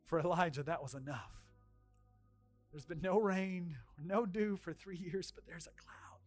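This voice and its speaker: High-voiced fervent man preaching. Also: unhurried, dry recording, faint music behind. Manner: fervent, shouting declarations then dropping to quiet storytelling. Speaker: pastor. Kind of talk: sermon.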